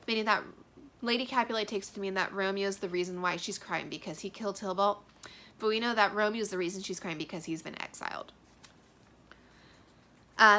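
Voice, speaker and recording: A woman's voice: mid-range voice, a little fast, bright, forceful tone. A woman teacher explaining a play in a casual, chatty way, with many fillers as she goes. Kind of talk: literature lesson explaining a play.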